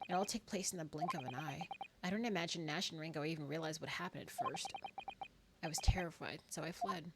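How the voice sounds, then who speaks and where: A woman reading aloud the part of a remorseful man confessing a crime, in a measured, lightly dramatic reading voice. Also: sits low, very noisy. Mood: solemn. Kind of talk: reading game text aloud. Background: game music.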